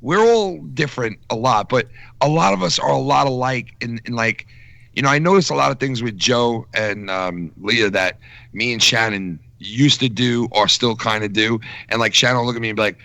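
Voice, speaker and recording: A man's voice: medium pitch, normal speed, gravelly, bright, forceful tone, dry recording. A man co-hosting a podcast in casual chat, rambling along with loose, searching sentences. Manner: rambling, many fillers and restarts. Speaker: podcast co-host.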